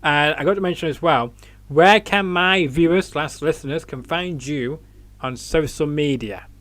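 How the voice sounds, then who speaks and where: A man's voice: on the high side, normal speed, a bit bright. A man from England hosting an online interview, upbeat with many hesitant fillers. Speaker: podcast host.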